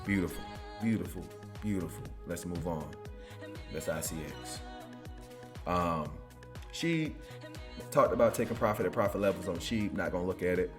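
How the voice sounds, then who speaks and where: A man with a deep, low voice talks through crypto charts in a casual, rambling style. He tags almost every phrase with "right?" and keeps an easy, conversational flow. Faint music plays softly in the background. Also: animated, normal speed, pauses often. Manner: keeps tagging lines with "right?", loose and chatty. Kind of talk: casual screen-share market commentary.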